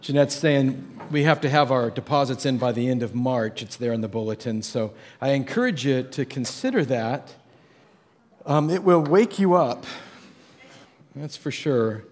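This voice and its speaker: A middle-aged man, a pastor, telling a story in a sermon and jumping his voice up to act out the people in it. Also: normal speed. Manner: animated storytelling, acts out voices with jumps in pitch.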